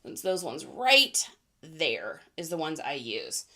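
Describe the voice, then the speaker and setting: A woman's voice: low voice, sing-song, slow, pushed and bright. A woman chatting casually on a live stream about items she resold, bubbly and talkative, reading out viewer comments. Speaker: reseller streamer.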